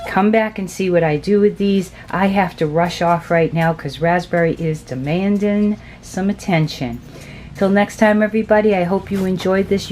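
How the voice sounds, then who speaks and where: A woman's voice: lowish voice, a little mellow, slight background noise. A woman hosting a craft channel, showing off supplies in a chatty, gushing, admiring way. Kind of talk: casual show-and-tell of craft supplies.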